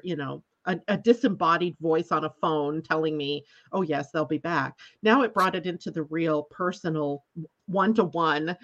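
A woman hosting an astrology talk show, telling a story in a chatty, animated way, often laughing and acting out what people said. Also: lowish voice, muffled recording. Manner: animated, laughs while telling stories, acts out quotes. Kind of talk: casual storytelling chat.

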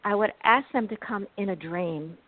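A woman's voice: medium pitch, normal speed, dry recording. A woman guest, a psychic medium, telling stories animatedly in an interview. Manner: animated, expressive storyteller. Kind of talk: interview storytelling. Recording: tinny phone-like line, dry.

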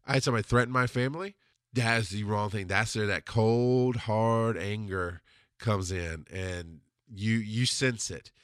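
A man hosting a podcast, talking through listener questions in a blunt, intense way, swearing freely and slowing down hard on the points he wants to land. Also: fairly low pitch, dry recording, clean studio sound. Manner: emphatic, slows down on hard points. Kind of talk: casual monologue.

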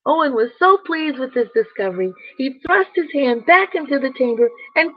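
A woman reading a bedtime story aloud, gently speaking to the children listening. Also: high voice, expressive, no echo, lo-fi sound. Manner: slow, gentle, addresses children directly.

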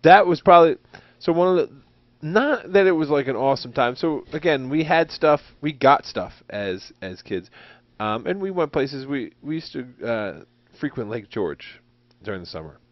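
A man's voice: medium pitch, expressive, moderate pace, hardly any pauses, no echo. A man co-hosting a podcast, telling a rambling, chuckling story in casual chat. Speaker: podcast co-host. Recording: dull, dry lo-fi recording.

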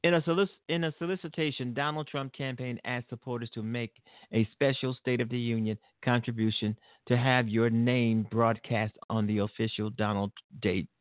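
A man's voice: mid-range voice, steady tone, moderate pace, few pauses, dry recording. A man hosting his own show, giving rambling, indignant political commentary with laughter and restarts. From Illinois, USA. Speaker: show host. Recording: dry tinny phone-like sound.

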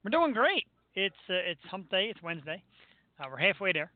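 A man's voice: high voice, big pitch swings, fairly quick, no echo. Brash man hosting talk radio, tinny. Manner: brash, joking, crude. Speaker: radio show host. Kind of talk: live talk radio banter. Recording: tinny phone-line audio with faint hiss.

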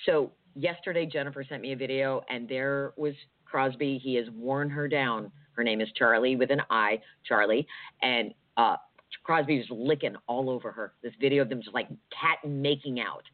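A woman's voice: a bass voice, moderate pace, dry recording. Chatty woman co-host, tinny sound. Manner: chatty, rambling, fillers. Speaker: radio co-host. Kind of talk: casual talk radio chat. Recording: tinny phone-like dry sound.

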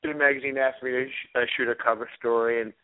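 A man guest telling a long story in halting speech full of fillers and soft chuckles. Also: mid-range voice, level tone. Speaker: guest photographer. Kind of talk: anecdote telling on radio call-in. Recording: tinny phone line.

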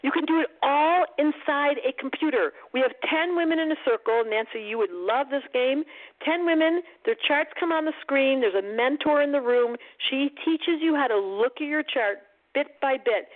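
A woman's voice: high-pitched, moderate pace. Joking woman astrologer on a tinny line. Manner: playful, joking, emphatic. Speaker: astrologer giving call-in readings. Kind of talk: radio call-in chat. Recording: phone-like narrow band.

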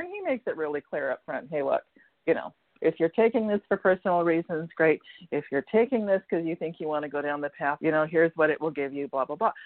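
A woman's voice: deep voice, dry recording. A chatty woman talking as a radio guest over a tinny phone line. Her voice rises and falls a great deal as she tells her stories. The sound is dry and close. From United States. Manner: chatty, laughs often, acts out quoted lines. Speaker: guest, energy healer. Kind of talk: casual radio chat.

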